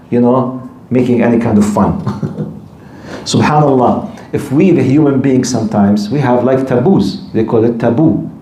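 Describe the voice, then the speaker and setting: A man's voice: mid-range voice, dark tone, roomy sound, a little hiss or hum. Emphatic man giving a religious lecture. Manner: switches between quoted Arabic and English explanation, emphatic and repetitive. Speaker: Islamic teacher.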